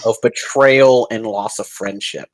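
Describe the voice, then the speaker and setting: A man narrating and running a tabletop game as game master, in a calm, deliberate way. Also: lowish voice, low-quality recording.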